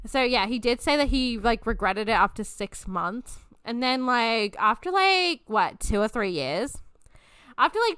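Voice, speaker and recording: Bright-voiced young woman telling stories. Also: on the high side, clean tone, no echo. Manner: chatty, swears freely, laughs often, restarts a lot. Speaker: podcast host. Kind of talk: casual storytelling chat.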